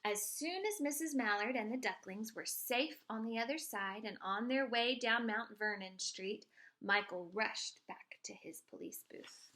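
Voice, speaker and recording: A woman teacher reading a picture book aloud to children, expressive and pointing out the pictures. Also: on the high side, measured pace.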